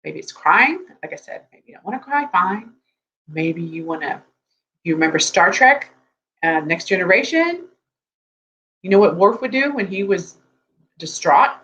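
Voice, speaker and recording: Casual live-streaming coach who keeps asking "okay?", recorded dull with a low hum. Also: very animated, normal speed, pauses often, bright, forceful tone. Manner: chatty, rambling, keeps checking in with "okay?" and "right?". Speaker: dating coach for tech men. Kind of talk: live-stream advice talk. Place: room with geek collectibles behind. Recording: dull lo-fi sound with faint hum.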